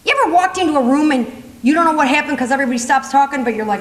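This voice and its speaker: A woman in her fifties giving a lively, laughing comedic talk as a motivational humor speaker. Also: high voice, racing. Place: large conference hall. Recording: long reverb in a conference hall.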